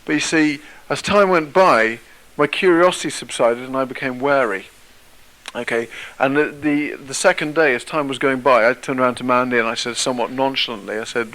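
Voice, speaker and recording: Bright-voiced British man telling a story. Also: medium pitch, a little fast, low-quality recording. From Britain. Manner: conversational, asks the audience questions. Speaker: motivational speaker. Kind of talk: storytelling talk to an audience.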